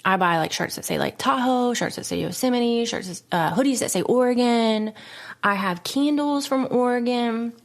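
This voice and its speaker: A woman's voice: on the high side, moderate pace, vocal fry. A woman in her thirties hosting a podcast, telling a personal story in a dramatic, emotional way, dropping to whispers and laughing often. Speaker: podcast host.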